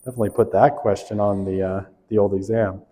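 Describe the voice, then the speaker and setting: A man's voice: on the low side, fairly even intonation, fast talker, mellow, big-room sound. A male instructor running a class quiz review, reading questions aloud and joking with students.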